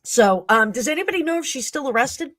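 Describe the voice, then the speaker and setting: A woman's voice: high voice, expressive, fairly quick, fairly bright tone, no echo. A woman hosting a live stream tarot reading who talks in an emotional, effusive way. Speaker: tarot reader and stream host.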